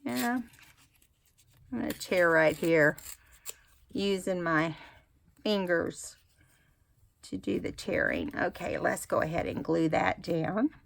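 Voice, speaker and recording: A craft vlogger with a fairly low, creaky voice takes her time and pauses often. She chats casually through a tutorial, thinking aloud as she works.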